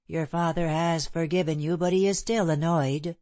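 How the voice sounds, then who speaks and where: A woman's voice: deep voice, fairly even intonation, normal speed, warm tone, no room sound, natural voice. A woman reading the part of a languid, sleepy older princess and mother in an audiobook, murmuring drowsily.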